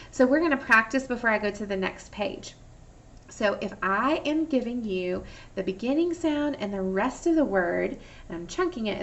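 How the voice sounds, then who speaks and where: A woman teaching a first grade phonics lesson remotely, talking in a cheerful, slow, clearly articulated sing-song way for young children. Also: mid-range voice, far from the mic, a little hiss or hum. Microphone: laptop or webcam microphone. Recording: lo-fi recording from off-mic.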